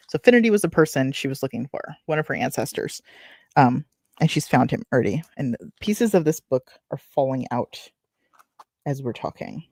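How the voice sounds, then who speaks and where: A woman's voice: very deep voice, animated, moderate pace, vocal fry, a little mellow, no room sound, clean studio sound. A woman reading a novel aloud, breaking off for chatty, wry asides and correcting her own slips. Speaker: book reader and streamer. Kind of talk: reading aloud with casual commentary.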